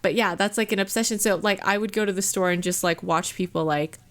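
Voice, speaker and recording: A woman's voice: medium pitch, fast talker. A woman co-hosting a podcast in a casual chat, talking loosely with lots of "like" and frequent laughs. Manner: chatty, frequent "like", laughs often. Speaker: podcast co-host.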